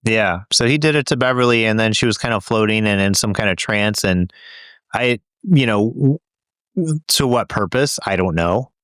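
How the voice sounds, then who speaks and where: A man's voice: fairly low pitch, animated, moderate pace, fairly bright tone, clean tone, dry recording. A man co-hosting a casual podcast chat, talking in a rambling, hesitant way with many fillers. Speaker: podcast co-host.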